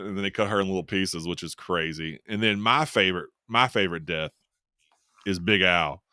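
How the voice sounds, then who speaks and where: Amused low-voiced man recapping casually. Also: normal speed, bright, forceful tone, no echo, studio quality. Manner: rambling, amused, laughs often. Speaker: podcast co-host. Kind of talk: casual chat recapping a horror film.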